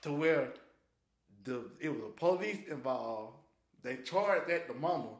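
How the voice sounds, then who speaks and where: A man's voice: fairly high pitch, expressive, unhurried. A podcast host telling stories in loose, slangy talk. He laughs a lot and acts out the quotes. His voice swings up and down with energy, and the room around him is echoey. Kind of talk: casual storytelling chat.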